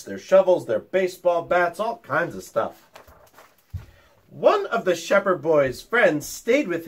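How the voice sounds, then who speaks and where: A teacher reading a picture book aloud to young children, with chatty asides to them. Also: male voice, fairly high pitch, breathy edge. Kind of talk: storytime read-aloud.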